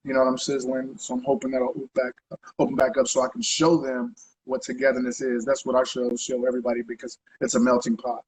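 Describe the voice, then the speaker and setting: A man's voice: mid-range voice, completely flat delivery, quick pace, darkish tone, low-quality recording. A man being interviewed as a guest artist, talking in a loose, rambling way and tagging his sentences with conversational asides. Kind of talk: casual interview chat.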